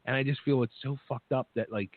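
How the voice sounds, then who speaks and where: A man hosting a casual radio interview, speaking in a halting, sympathetic way with many restarts. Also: mid-range voice, steady tone, no echo. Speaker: host. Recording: thin phone-like sound.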